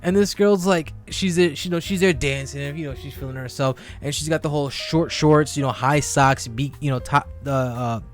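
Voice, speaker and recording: Animated, profane young man telling stories. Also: fairly high pitch, moderate pace, hardly any pauses, soft background music. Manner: profane, animated storytelling with many fillers. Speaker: podcast co-host. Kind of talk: casual chat, storytelling.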